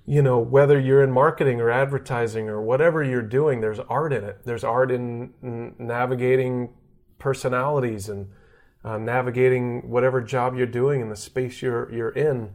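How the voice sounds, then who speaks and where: A man's voice: mid-range voice, moderate pace. A man from Texas who works as a sportscaster, telling stories in a podcast interview and acting out the voices of people he quotes. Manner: animated, acts out quoted voices. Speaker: guest sportscaster. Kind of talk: casual storytelling interview.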